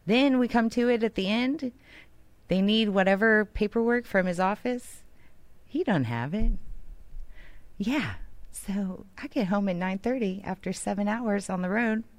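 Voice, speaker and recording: A woman radio co-host, chatting casually and telling an animated story, acting out other people's lines. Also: medium pitch, moderate pace, no echo. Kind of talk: casual on-air banter and storytelling.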